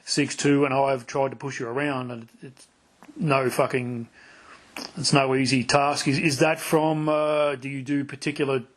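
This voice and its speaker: A man's voice: medium pitch, little pitch movement, measured pace. A man hosting a casual podcast interview, rambling and swearing freely, with lots of restarts. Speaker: podcast host.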